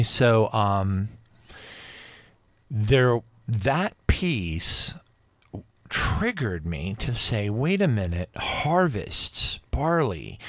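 A man in his fifties telling a personal religious testimony, rambling and emotional, with frequent restarts and excited outbursts. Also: medium pitch, dry recording. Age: 50s. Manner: rambling with many restarts and asides. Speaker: religious video speaker.

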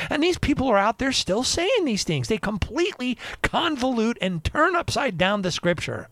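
A man hosting a radio show, ranting in an indignant monologue that swings between loud and quiet. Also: very high voice, big pitch swings, moderate pace, hardly any pauses, no echo, studio quality.

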